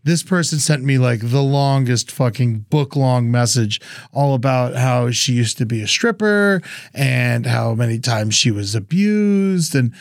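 A man's voice: mid-range voice, expressive, measured pace, no echo, clean studio sound. A man co-hosting a podcast, telling a story in a rambling casual way with many restarts. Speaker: podcast co-host. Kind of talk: casual chat.

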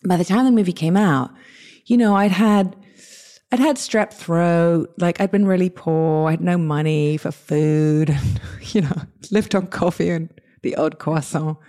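Low warm-voiced English woman. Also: a little slow. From England. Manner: lively, chatty, many restarts and quoted asides. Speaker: guest. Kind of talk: casual interview storytelling.

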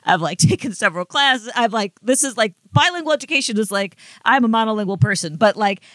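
A woman co-hosting a casual gossip podcast, animated and rambling, laughing often. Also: fairly high pitch, fast, no echo. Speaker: podcast co-host.

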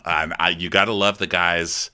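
A man's voice: sits low, steady tone, normal speed, sharp tone, clean tone. A man co-hosting a podcast, riffing sarcastically and with disbelief during a comedic reality-show recap. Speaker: podcast co-host.

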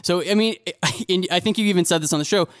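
A man with a fairly high, smooth voice co-hosts a casual podcast. He puts questions with joking asides. The sound is dry and close. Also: quick pace, no echo. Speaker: podcast co-host.

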